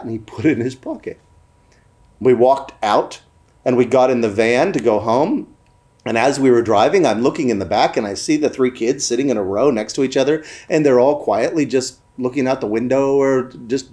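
Lively man telling a family story. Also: medium pitch.

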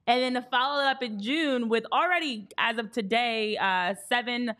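A woman hosting a sports show, reading off baseball stats in a brisk, chatty way. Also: fairly high pitch, a bit bright. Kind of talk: casual sports chat.

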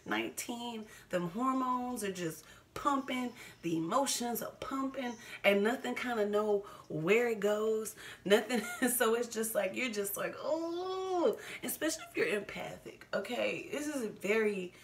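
A woman in her twenties with a fairly high voice talks candidly to camera at normal speed, with a little hiss or hum present. Her vlog is casual and personal, full of laughter and repeated phrases for emphasis.

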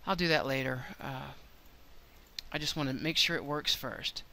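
A woman's voice: a bass voice, fairly even intonation, normal speed, creaky, sharp tone. An older woman hosting a game video, thinking aloud in a chatty, self-deprecating way as she plays. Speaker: let's play host. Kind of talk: gameplay commentary.

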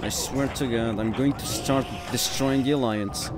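A man's voice: mid-range voice, fairly even intonation, a little slow, noisy background. Irritated man ranting over gameplay. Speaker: gaming YouTuber. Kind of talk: gameplay commentary.

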